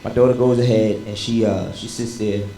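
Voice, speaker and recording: A man in his thirties performing a stand-up comedy set, telling animated stories and shouting into bits. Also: lowish voice, a little fast, slight background noise, poor audio. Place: comedy club stage with live audience. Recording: live room with loud crowd laughter.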